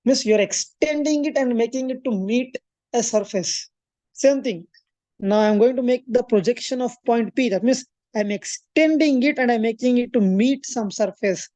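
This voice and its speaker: Woman, maths tutor, mellow voice, dry close sound, talks through steps with fillers. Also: on the high side, moderate pace, no room sound. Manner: explains step by step, thinks aloud with fillers and self-corrections. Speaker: maths coaching teacher. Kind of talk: classroom lecture at a board.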